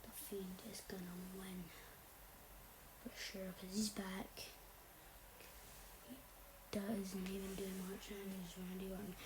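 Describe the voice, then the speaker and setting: A woman's voice: mid-range voice, little pitch movement, slow, pauses often, noisy background. A young woman casually rambling through wrestling predictions, often sliding into a whisper, blunt and offhand. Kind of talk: casual chat.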